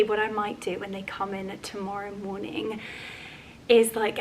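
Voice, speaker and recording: A woman's voice: medium pitch, bright, forceful tone, a little hiss or hum, poor audio. A woman chatting casually and gushing as she unboxes things at home. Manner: gushing, effusive. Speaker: vlogger.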